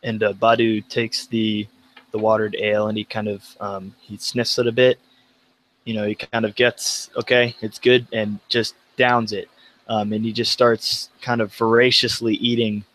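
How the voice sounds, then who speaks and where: A soft-spoken man at the gaming table who talks through his character's moves with hesitation. His voice is fairly low. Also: little pitch movement, moderate pace, low-quality recording. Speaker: player. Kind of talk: casual tabletop play.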